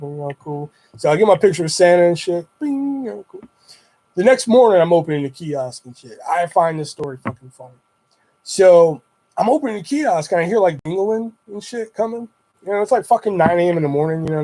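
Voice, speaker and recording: A man's voice: on the high side, lively intonation, fast, dark tone. Profane young man telling stories loosely. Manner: profane, rambling, laid-back. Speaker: streamer. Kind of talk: casual livestream storytelling.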